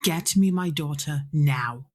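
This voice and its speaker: A woman's voice: deep voice, slow. A woman voicing a stern, tense noble mother in a tabletop game, speaking in clipped, commanding lines.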